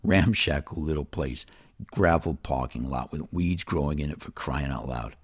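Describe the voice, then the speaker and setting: A man's voice: rumbling low, moderate pace, slightly rough. An older man with a New York accent telling his life story in a folksy, conversational way, talking straight to the listener. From New York City. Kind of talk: storytelling narration.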